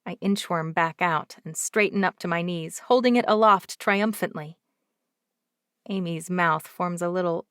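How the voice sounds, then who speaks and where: Expressive woman narrating an audiobook. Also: on the low side, normal speed, no room sound, clean studio sound. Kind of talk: first-person romance audiobook narration.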